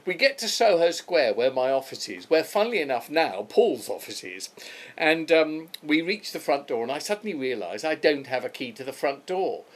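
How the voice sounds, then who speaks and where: An older man telling a personal anecdote, lively and chatty, briefly putting on the voices of the people in the story. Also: on the high side. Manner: animated, puts on quick voices for others.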